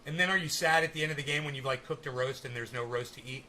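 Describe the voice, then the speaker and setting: A man's voice: medium pitch, fast, sharp tone, slight background noise. A man hosting a casual live stream, rambling and swearing, with testy, teasing banter with his viewers.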